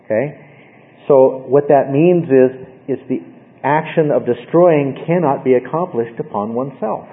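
A man's voice: mid-range voice, unhurried. Guy teaching a bible study, keeps asking "okay?", tinny phone-like radio sound. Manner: explaining, checks in with "okay?".

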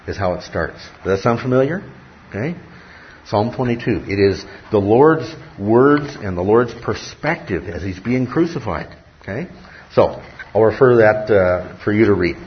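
A man's voice: lowish voice, lively intonation, unhurried, slight background noise. A man preaching a sermon as pastor, stressing key words and checking in with the congregation as he teaches. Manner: emphatic teaching, often checks in with listeners. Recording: dull lo-fi sermon recording.

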